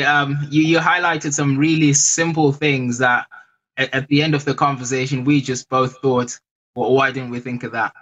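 A man guest in an interview, speaking hesitantly with frequent pauses and restarts. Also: mid-range voice, fairly bright tone, low-quality recording. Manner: hesitant, many fillers and restarts. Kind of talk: casual interview.

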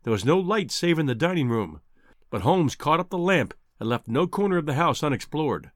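A man giving scripted audiobook narration in a measured, expressive storytelling manner. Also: a little high, no echo, clean studio sound.

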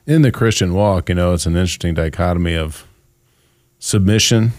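A man's voice: deep voice, a little fast, a little mellow, dry recording, clean studio sound. A man co-hosting a podcast in casual chat, loosely retelling a comedy sketch in a rambling way. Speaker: podcast co-host.

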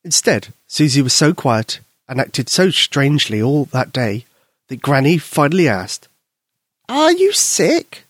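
A man's voice: mid-range voice, unhurried, no echo, studio quality. Man reading a bedtime story. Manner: gentle, expressive reading. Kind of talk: children's story narration.

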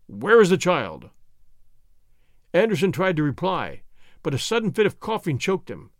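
A man narrating an adventure novel with dramatic, expressive storytelling. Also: a little high, no room sound, clean studio sound. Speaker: audiobook narrator. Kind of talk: scripted narration.

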